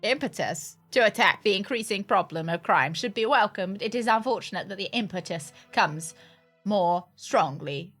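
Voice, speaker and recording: A woman's voice: medium pitch, lively intonation, normal speed, a bit bright, faint music behind. A woman streamer reading game text aloud, stumbling and correcting herself as she goes, with casual asides. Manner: chatty, stumbles and corrects herself mid-sentence.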